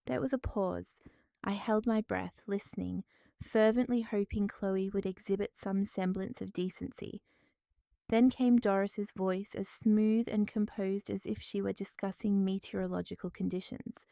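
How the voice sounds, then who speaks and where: A woman narrating a dramatic first-person story in a measured, formal way. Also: medium pitch, fairly even intonation, vocal fry, dark tone, clear, resonant tone, no room sound, studio quality.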